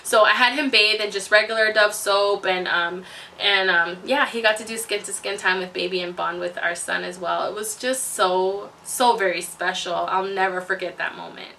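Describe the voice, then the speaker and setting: A woman's voice: mid-range voice, fairly even intonation, moderate pace, vocal fry, pushed and bright, a little hiss or hum. A young adult woman vlogger telling her story in an effusive, chatty way, full of exclamations. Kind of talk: casual storytelling to camera. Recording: voice distant from the mic.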